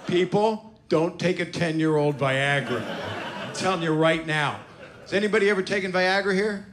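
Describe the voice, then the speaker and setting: A man in his sixties works a club crowd with profane, teasing stand-up, his voice sitting a little high. He talks into a stage mic, and there is a good deal of live room noise around him. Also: normal speed. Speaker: stand-up comedian. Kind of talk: stand-up comedy set. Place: comedy club stage before a live audience. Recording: noisy live club recording.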